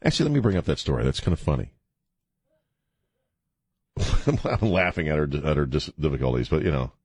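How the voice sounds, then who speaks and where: A man's voice: extremely low pitch, animated, fairly quick, darkish tone, breathy edge, no room sound. A man hosting call-in talk radio from a studio, with mocking, irreverent banter and frequent laughs. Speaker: radio talk show host. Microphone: studio microphone.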